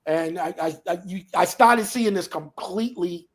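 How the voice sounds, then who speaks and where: A man in his fifties with a high voice tells a long story as a guest on an interview show. He is animated, peppers his talk with "you know" and drops lower to act out the people in his tales. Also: moderate pace. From New Bedford, Massachusetts area.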